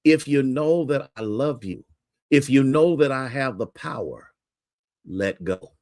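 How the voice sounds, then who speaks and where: A man voicing a calm divine voice from the clouds that asks steady questions in a sermon story. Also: medium pitch, a little slow. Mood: calm questioning.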